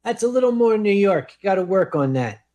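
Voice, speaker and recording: A man's voice: high-pitched, lively intonation, brisk, warm tone, dull audio. A man with a Baltimore accent, co-hosting a live comedy stream with brash, profane mock-lecturing.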